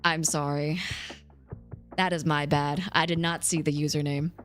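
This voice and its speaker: A young adult woman streamer chatting casually with viewers, jumping between squeaky highs and mock-deep lows. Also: level tone, moderate pace, soft background music.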